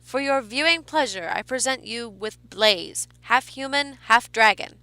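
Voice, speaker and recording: A woman's voice: a little high, measured pace, bright, forceful tone, no echo, rough recording. Woman playing a stern carnival barker man. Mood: showy.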